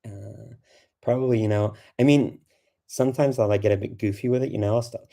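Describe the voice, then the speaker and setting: A man's voice: fairly low pitch, fairly even intonation, fairly quick, creaky, warm tone. A British man hosting a casual livestream Q&A, chatty, laughing often, full of fillers. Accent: British English. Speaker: host of a language livestream.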